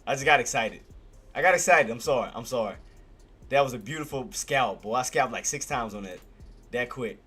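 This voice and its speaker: A man giving live trading commentary on his stream. He talks excitably, repeats himself often, and swears. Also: mid-range voice, brisk, slightly rough, soft background music. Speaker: day-trading livestreamer.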